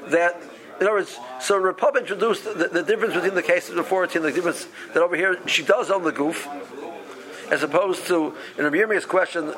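A man teaching a Talmud study session, explaining the text with animated quoting and frequent restarts. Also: high-pitched. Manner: animated, acts out the rabbis' voices, many restarts.

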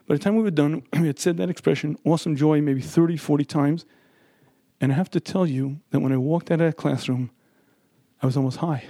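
A man giving an earnest, emphatic Torah lecture who keeps clearing his throat. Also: a little high, quick pace, dark tone, no echo. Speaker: religious lecturer.

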